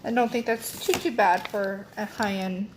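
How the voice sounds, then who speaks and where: A woman's voice: mid-range voice, steady tone, moderate pace, a little hiss or hum. A young woman chatting casually as she unboxes beauty products, rambling with lots of fillers and self-corrections. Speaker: beauty vlogger.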